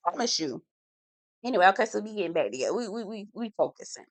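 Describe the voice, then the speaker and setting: A woman's voice: medium pitch, no echo. Sassy woman recapping reality TV. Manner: sassy, slangy, blunt commentary; lively, drawn-out emphasis. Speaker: TV recap reviewer.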